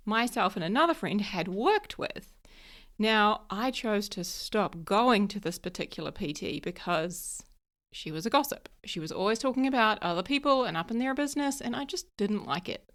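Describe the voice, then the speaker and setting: A woman's voice: medium pitch, fairly bright tone. A middle-aged woman hosting her own podcast, chatting casually and telling stories with lots of "like" and frequent laughs. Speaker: podcast host. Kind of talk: casual solo podcast chat.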